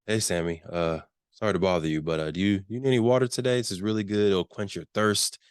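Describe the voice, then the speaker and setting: A man's voice: deep voice, fast talker, clean tone, no echo, clean studio sound, lightly acted. A man voicing a hopeful young male turtle who keeps trying to sell something, eager and polite. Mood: pleading.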